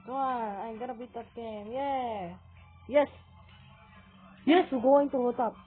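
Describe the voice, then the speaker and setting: A woman with a fairly high voice and an unhurried pace, giving casual gameplay commentary. She exclaims at every turn and keeps calling out to her viewers. The audio is tinny and phone-like, with faint game music underneath. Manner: talks to viewers as "guys". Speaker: gaming video creator.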